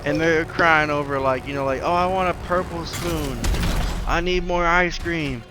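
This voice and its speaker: A man's voice: on the high side, fairly even intonation, normal speed, noisy background. A young man chatting casually on a podcast, rambling with lots of "like" and "right?", acting out the people in his stories. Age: young adult. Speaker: podcast co-host. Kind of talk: casual chat.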